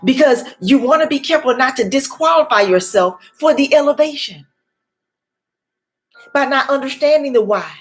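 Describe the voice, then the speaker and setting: A woman's voice: high voice, lively intonation, normal speed. A woman in her forties or older, a life coach giving a faith-based motivational talk, repeating her key words for emphasis. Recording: faint music behind.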